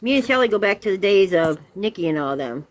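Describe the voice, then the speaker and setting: A woman's voice: mid-range voice, lively intonation, quick pace, low-quality recording. A woman joining a casual group chat, playful and joking.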